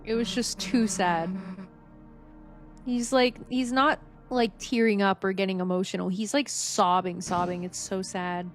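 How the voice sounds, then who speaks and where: A woman's voice: medium pitch, steady tone, a little slow. Emotional young woman streaming a game. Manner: emotional, laughing, swears casually. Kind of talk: casual game commentary. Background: faint game music.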